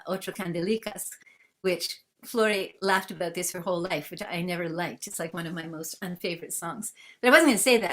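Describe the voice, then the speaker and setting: A woman from Canada, a guest musician and researcher, telling anecdotes in a lively conversational way over a video call. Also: on the low side. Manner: lively, acts out dialogue in anecdotes. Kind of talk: conversational storytelling.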